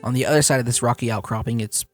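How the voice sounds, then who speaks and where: A man running a tabletop game as game master, describing scenes in a relaxed way. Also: mid-range voice, very fast, faint music behind.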